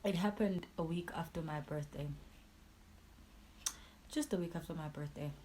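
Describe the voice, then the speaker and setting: A young woman telling a painful personal story in a raw, emotional way, her voice swinging from hushed to loud. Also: sits low, normal speed, a little hiss or hum, low-quality recording. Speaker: YouTuber.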